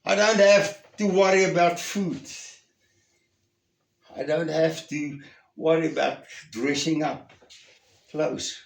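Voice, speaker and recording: A slow, deliberate male pastor delivers an earnest sermon. He presses his points, then falls to a hushed, intimate tone. His voice rings through a roomy church hall. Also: a little high, steady tone, creaky. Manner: earnest, emphatic, swings from raised to hushed.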